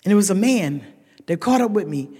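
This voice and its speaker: A woman's voice: mid-range voice, brisk, husky. Frank, funny woman in an echoing hall. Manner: frank, humorous storytelling, lively voicing of quoted people. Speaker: speaker sharing at a recovery meeting. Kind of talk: personal recovery testimony. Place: large meeting hall. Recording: reverberant hall with long echo.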